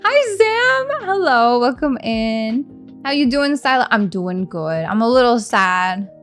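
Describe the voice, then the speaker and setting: A woman's voice: fairly high pitch, measured pace, faint music behind. Chatty, teasing woman streamer. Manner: animated, laughing, teasing. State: hungry, eating during stream. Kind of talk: casual live-stream chat.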